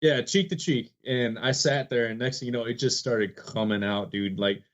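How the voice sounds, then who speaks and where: Male podcast guest, animated storyteller, acts out the quotes, mid pitch, muffled lo-fi audio. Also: normal speed. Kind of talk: casual storytelling.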